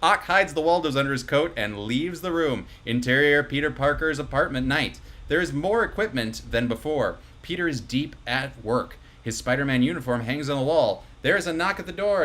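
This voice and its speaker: Guy reading stage directions live, bright voice, mid pitch, chuckling asides to the cast. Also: animated, moderate pace, hardly any pauses. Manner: breezy, chuckles and asides to players. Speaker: host and stage-direction reader.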